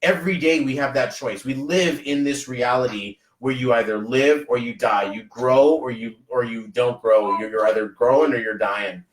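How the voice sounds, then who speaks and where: A man hosting a podcast in a casual motivational chat, animated and fond of acting out little scenes. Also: mid-range voice, moderate pace, hardly any pauses. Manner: animated, acts out little scenes in other voices. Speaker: podcast host. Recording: roomy echoey sound.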